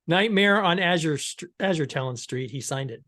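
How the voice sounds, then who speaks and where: A man's voice: a little high, animated, normal speed, sharp tone, no echo, studio quality. A man co-hosting a podcast, asking curious questions in a casual, easygoing way. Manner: curious, questioning, laughs easily. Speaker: podcast co-host. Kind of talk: casual discussion.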